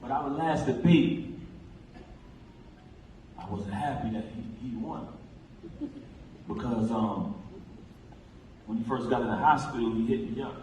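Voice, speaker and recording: A man's voice: medium pitch, measured pace, pauses often, darkish tone. A man giving an impassioned, emphatic eulogy at a memorial, recounting talks with his late friend, speaking in a large theater hall. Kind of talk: memorial speech. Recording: echoey hall, distant pickup, faint noise.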